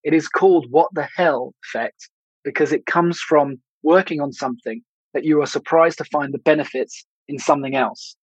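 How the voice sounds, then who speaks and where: A man's voice: medium pitch, slightly rough, no room sound. A man hosting a podcast, talking alone in a reflective, conversational way with some restarts. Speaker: podcast host. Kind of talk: solo podcast monologue. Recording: dull lo-fi dry recording.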